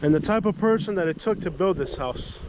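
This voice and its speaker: A man from Florida with a Southern US accent, chatting his way through a travel vlog. His voice sits high for a man, and his delivery is folksy and talkative. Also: expressive, fairly quick, heavy background noise. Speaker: travel vlogger. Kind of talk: casual travel vlog narration.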